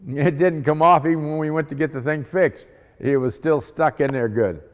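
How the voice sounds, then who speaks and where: A man's voice: on the high side, moderate pace. Folksy missionary man in reverberant hall. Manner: folksy, dramatic storytelling. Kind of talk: storytelling testimony.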